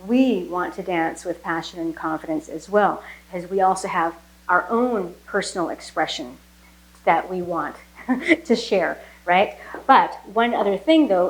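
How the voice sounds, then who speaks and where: A woman with a mid-range voice gives a flamenco footwork lesson on a rough recording. She explains the technique slowly and casually, with lots of fillers, then counts the beats out loud.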